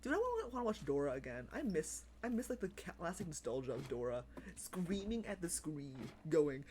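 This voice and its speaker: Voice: mid-range voice, very animated, fairly quick, few pauses, warm tone, slight background noise. A livestreamer chatting casually while playing a game, rambling, repeating phrases and laughing often. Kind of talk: casual live-stream chat while gaming.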